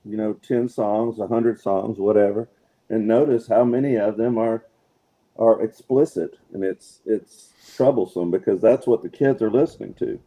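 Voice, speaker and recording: A man's voice: fairly low pitch, normal speed, mellow. A man co-hosting a casual talk show, agreeing often and sharing his own parenting story. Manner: agreeable, frequent backchannel affirmations. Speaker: co-host. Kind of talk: casual chat.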